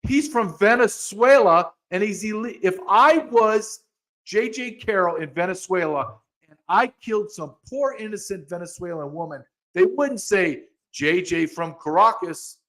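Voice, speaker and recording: Man, podcast host, heated rant, slightly high voice, restarts and repeats. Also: expressive, measured pace, a bit bright. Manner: angry, ranting, many restarts and repeats.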